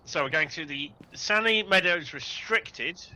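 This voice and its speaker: A man with a somewhat high, bright and forceful voice chats through a game session. He explains things step by step and laughs easily. He is heard over a voice-chat gaming mic. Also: lively intonation, unhurried, a little hiss or hum. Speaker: co-player.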